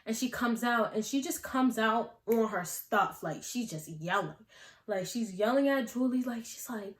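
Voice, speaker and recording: A woman's voice: fairly high pitch, lively intonation, a little slow. Chatty young woman in an echoey room. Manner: chatty, slangy, many "like" fillers. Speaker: vlogger telling a story. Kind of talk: casual storytime chat.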